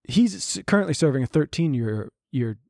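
Podcast guy chatting loose, lots of restarts, mellow tone, dry close sound. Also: a little high, very animated, creaky, no echo. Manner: halting, many restarts and fillers. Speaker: podcast co-host. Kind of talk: casual chat.

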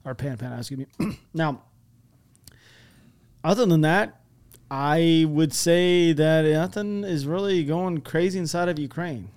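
A man hosting a casual news podcast, talking in a loose, halting way. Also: fairly high pitch, a little mellow. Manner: loose and halting, laughs easily. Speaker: podcast host.

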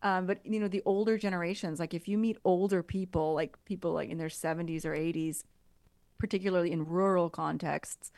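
A woman co-hosting a casual podcast chat, talking in a lively way with restarts and asides. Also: lowish voice, a little fast, dry recording. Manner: chatty, animated, trailing restarts. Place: abroad in Italy, married into an Italian family.

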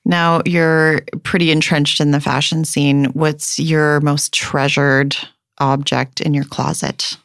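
A woman's voice: sits low, flat delivery, slow pace, creaky, dry recording, clean studio sound. A woman, a mother, co-hosting an interview and asking friendly prepared questions. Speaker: podcast co-host.

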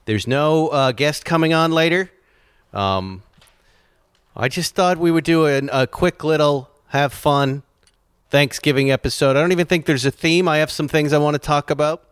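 A man hosts a casual podcast, rambling along in a smooth, resonant voice and laughing often. The sound is dry and close to the mic. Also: a little high, moderate pace, dry recording. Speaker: podcast host. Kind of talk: casual chat.

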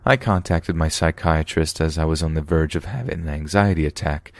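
A man with a very low, deep voice reads a true horror story in a steady, measured way. The sound is dry and close to the mic, with no room around it. It feels like scripted podcast narration. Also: no room sound.

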